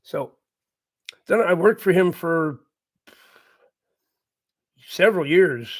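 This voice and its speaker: A middle-aged man with a fairly high voice spins a long, loose story to his live chat. He circles back and repeats lines, chuckling through his own tale. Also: animated, slow pace. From Canada. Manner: rambling, repeats himself, laughs through the telling. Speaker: channel host.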